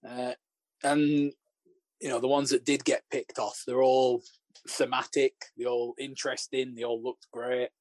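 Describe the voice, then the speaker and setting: A man co-hosting a podcast, giving measured film opinions with frequent uhs and you knows. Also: mid-range voice, level tone, darkish tone, no room sound. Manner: measured, hesitant, many uh and you know. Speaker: podcast co-host. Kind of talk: casual film discussion.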